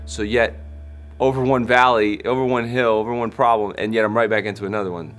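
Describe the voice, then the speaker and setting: A man in his thirties, a Christian hip hop artist, telling a personal story in an interview with animated shifts as he acts out what people said. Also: fairly low pitch, fairly quick, faint music behind. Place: backstage at a concert.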